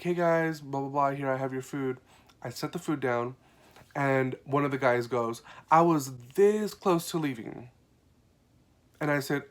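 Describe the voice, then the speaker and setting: Young man, server ranting about customers, profane, exasperated, middle-pitched voice. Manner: profane, exasperated, swings from flat mutter to loud outbursts. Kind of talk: casual ranting storytelling.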